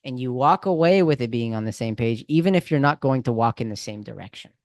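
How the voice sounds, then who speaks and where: Animated casual male coach, dry sound. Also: medium pitch, fast talker, no room sound. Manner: casual, animated, talks with friendly slang. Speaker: communication coach. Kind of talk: coaching over a call.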